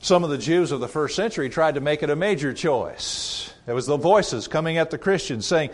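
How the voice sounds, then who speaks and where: A man's voice: animated, moderate pace, few pauses. A man preaching a sermon in a conversational way, asking rhetorical questions and rising and dropping his voice for emphasis. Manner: varies pitch and loudness widely for emphasis.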